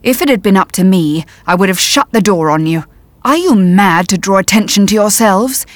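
A woman's voice: medium pitch, expressive, normal speed, dry recording, lightly acted. A woman reading the part of a brusque, wary German father who speaks curtly and mutters. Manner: curt, muttering.

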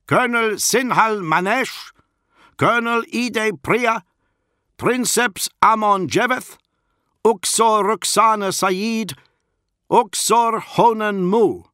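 A man's voice: high-pitched, slow pace, sharp tone, clear, resonant tone, no room sound, studio quality, voice pushed up, exaggerated voice. A man voicing a stern male guard who calls out names in a thick accent, in an audiobook. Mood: proclaiming. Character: stern male guard herald, loud and formal.

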